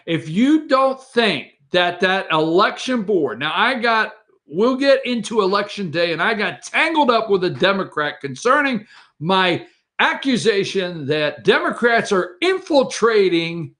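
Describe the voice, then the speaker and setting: A man's voice: on the high side, lively intonation, a little slow, fairly bright tone. A man hosting a political talk show, rambling and opinionated, mocking the people he quotes. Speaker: host.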